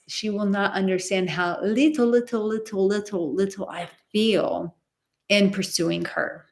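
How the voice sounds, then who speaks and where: A woman coaching on dating in a live stream, emphatic and repeating words for stress, acting out bits of dialogue. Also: fairly low pitch. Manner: acts out quoted dialogue.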